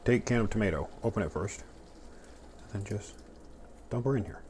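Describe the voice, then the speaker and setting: A man's voice: fairly low pitch, moderate pace, darkish tone, slight background noise. A man casually demonstrating a recipe at home, chatty and joking as he talks to himself while he cooks. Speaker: home cook. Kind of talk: casual cooking demo. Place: home kitchen. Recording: clattering pans and utensils behind.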